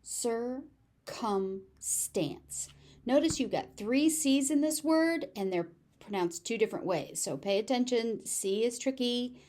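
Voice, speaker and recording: A woman with a General American accent teaching pronunciation, repeating each word slowly and deliberately. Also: a little high, animated, a little mellow. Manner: slow, deliberate word drilling with repeated examples. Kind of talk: pronunciation lesson.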